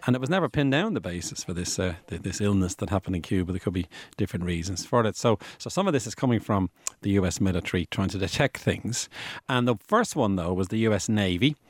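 Booming, chatty podcast host. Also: male voice, expressive, fast, no room sound. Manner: rambling, chatty, conversational with restarts. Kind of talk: casual explanatory podcast talk. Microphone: studio microphone.

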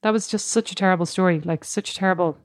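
A woman's voice: fairly low pitch, no room sound. Chatty woman cohost, dry sound. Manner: chatty storyteller, quick to laugh at herself. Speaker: podcast co-host. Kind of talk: casual chat.

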